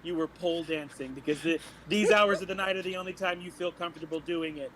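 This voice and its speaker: A man's voice: a little high, quick pace, crowd noise, poor audio. A man playing a tabletop role-playing game, playful and joking with the group. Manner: playful, jokey, animated. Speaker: player. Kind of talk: casual tabletop play.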